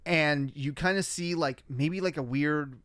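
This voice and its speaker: Smooth-voiced male podcast co-host. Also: a little high, unhurried, dry recording, studio quality. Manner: relaxed narrator, filler words, wry. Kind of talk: casual recap chat.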